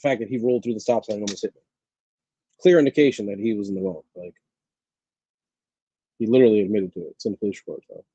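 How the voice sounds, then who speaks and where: A man chatting casually as a guest on a call, quick and trailing off at times. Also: on the low side, lively intonation, mellow, breathy edge, dry recording, muffled recording. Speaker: guest caller. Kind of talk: casual chat.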